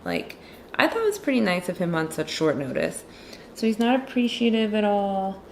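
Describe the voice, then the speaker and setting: A woman with a mid-range, sing-song, slightly creaky voice talks at a moderate pace over faint background noise. She's an illustrator and movie commentator, chatting casually and sarcastically about a film while she draws, saying "like" constantly.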